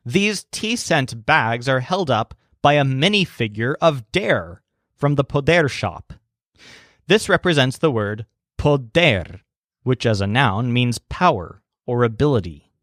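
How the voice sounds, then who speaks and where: Guy reading a vocab lesson, medium pitch, dry close sound, slows down on the new words. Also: expressive, a bit bright, dry recording. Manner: slows down to spell out foreign words and stresses. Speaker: language teacher. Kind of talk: scripted lesson narration.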